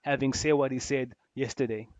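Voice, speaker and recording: A man co-hosting a casual football podcast, animated, laughing often and repeating himself. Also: mid-range voice, fairly quick, no echo. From South Africa. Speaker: podcast co-host.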